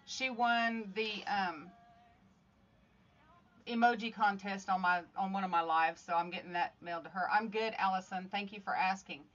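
Her mid-range voice comes across pushed and bright as she hosts a relaxed livestream of her craft work at home. She chats cheerfully with viewers, greeting them by name. It's streamed live from a phone, with slightly dull sound and faint music underneath.

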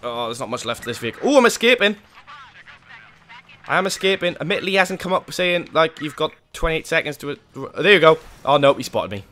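Excitable man narrating co-op gameplay. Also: a little high, quick pace, few pauses, slight background noise. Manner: excitable, swings from muttering to yelling. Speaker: gaming channel host. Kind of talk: co-op gameplay commentary.

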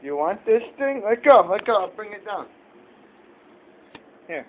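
Dad at home filming his little one, lively sing-song coaxing, lo-fi noisy audio. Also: high voice, a little slow. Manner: coaxing, playful baby talk. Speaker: father. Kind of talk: home video, talking to his toddler. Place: family home, indoors. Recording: tinny phone-like audio, noisy.

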